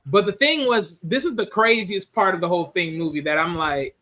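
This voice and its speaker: Male movie reviewer, high and bright, casual and animated. Laughs a lot and slips into voices for the scenes. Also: a little fast, few pauses.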